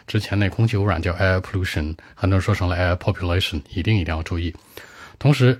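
Deep-voiced Chinese teacher explaining English words. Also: male voice, no room sound, studio quality. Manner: mixes Chinese and English, quizzing listeners with questions. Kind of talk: explaining vocabulary, then reading a model answer.

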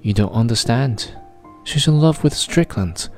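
A man's voice: medium pitch, animated, a little slow, a little mellow, soft background music. A man voicing a distraught little round man who gasps and pleads. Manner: gasping, pleading.

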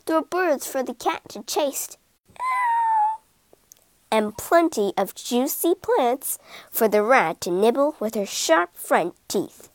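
A woman reads a children's story in a high, lively voice that rises and falls a great deal. She takes her time over each line, and the close, dry sound leaves no trace of the room. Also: dry recording. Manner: slow, expressive reading. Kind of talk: scripted children's story narration.

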